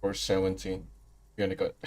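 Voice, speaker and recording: Low-key man murmuring game commentary. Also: completely flat delivery, moderate pace. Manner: low-key, soft-spoken, murmured reactions. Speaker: streamer playing a game. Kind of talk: casual let's play commentary.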